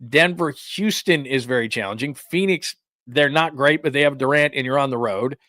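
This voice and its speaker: A man's voice: medium pitch, moderate pace, pushed and bright, no echo, studio quality. A man hosting a casual sports talk show, chatting with viewers in a rambling, self-interrupting way.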